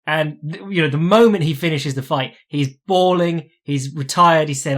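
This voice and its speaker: Animated, sweary man. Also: a little high, normal speed, few pauses. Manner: animated, sweary, mocking voices when quoting others. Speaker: podcast host. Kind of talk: casual chat.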